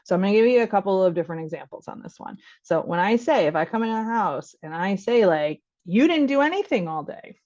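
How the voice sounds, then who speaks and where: A woman's voice: medium pitch, fast, hardly any pauses, a little mellow. Chatty woman doctor, dull lo-fi audio. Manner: chatty, keeps checking in with "right?". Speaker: physician giving a parenting workshop. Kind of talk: casual spoken lecture. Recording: dull lo-fi online workshop audio.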